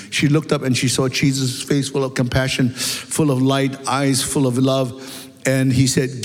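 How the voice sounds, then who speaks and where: A man preaching a sermon in an animated way, asking the congregation rhetorical questions and building up emphasis. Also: medium pitch, normal speed. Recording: long hall reverb.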